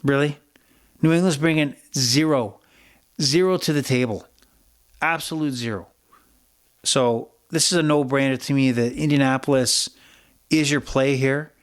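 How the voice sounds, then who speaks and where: A middle-aged man hosts his own sports betting podcast in a blunt, opinionated way, swearing freely and wandering off on tangents. His voice sits at an ordinary pitch for a man. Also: unhurried, pauses often, clear, resonant tone. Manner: blunt, profane, rambling and opinionated. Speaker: podcast host.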